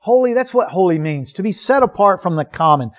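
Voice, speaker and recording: A man's voice: high voice, lively intonation, a little fast. A man preaching a sermon as pastor, earnest and emphatic, asking rhetorical questions and repeating key words.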